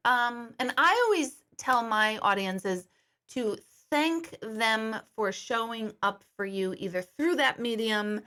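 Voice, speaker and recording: A woman's voice: on the high side, pushed and bright. A middle-aged woman, a psychic medium, talking casually and bluntly on a livestream, swearing freely and greeting viewers by name.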